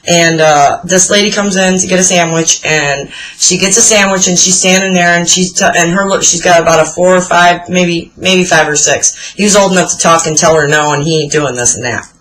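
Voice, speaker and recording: A woman's voice: lowish voice, moderate pace, a bit bright, slight background noise, poor audio. A woman in her forties chatting casually to camera, telling blunt, profane stories with plenty of swearing. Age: 40s. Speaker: vlogger answering a tag video. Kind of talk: casual chat.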